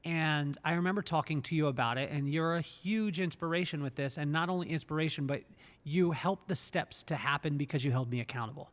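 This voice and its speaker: A man's voice: on the high side, fairly quick, a bit bright, in a large hall. A man hosting a podcast, talking in an earnest, reflective way and repeating words as he thinks. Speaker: podcast host. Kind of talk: casual podcast conversation.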